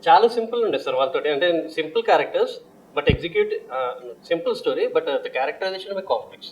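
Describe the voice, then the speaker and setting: A man's voice: fairly high pitch, animated, very fast, low-quality recording. A man with an Indian English accent, a film director, giving short, plain interview answers and switching into Telugu.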